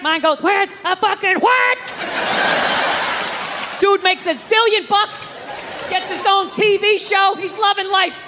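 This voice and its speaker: A man doing a stand-up comedy set, ranting in a profane, exasperated way with mocking asides. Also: extremely high pitch. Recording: live club set with loud crowd noise. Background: audience laughter.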